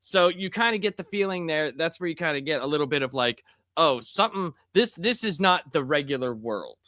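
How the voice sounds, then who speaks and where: A man with a bright, forceful voice hosts a casual comic book review chat. He talks in an animated way and often exclaims in disgust. His voice is recorded dry, with no room echo. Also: a little high, fairly quick. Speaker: podcast host.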